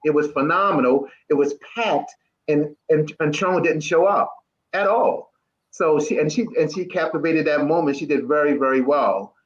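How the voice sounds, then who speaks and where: A man on a political panel talking in a folksy, halting way with many false starts. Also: on the high side. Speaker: Democratic club member. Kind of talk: roundtable discussion. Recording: dull lo-fi sound.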